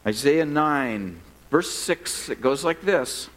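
A man preaching a sermon as pastor at a church service, conversational and self-deprecating, joking with the congregation and turning earnest and quiet in prayer. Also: a little high, lively intonation, slow, poor audio.

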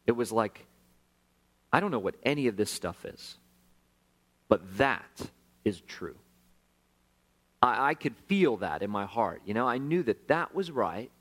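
A man's voice: lowish voice, a little slow, pauses often. Conversational man preaching a testimony. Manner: conversational, self-deprecating, swings from hushed to animated. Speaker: pastor. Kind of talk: sermon storytelling.

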